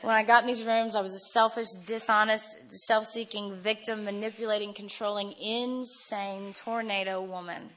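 An adult woman giving a candid personal testimony at a recovery meeting, animated and laughing often. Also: mid-range voice, normal speed, few pauses.

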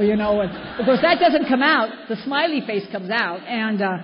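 A woman's voice: on the high side, lively intonation, brisk, hardly any pauses. An older woman from Southern California telling a candid, wry personal story to a meeting audience. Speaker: speaker at a recovery meeting. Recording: echoey hall, dull lo-fi sound, faint noise.

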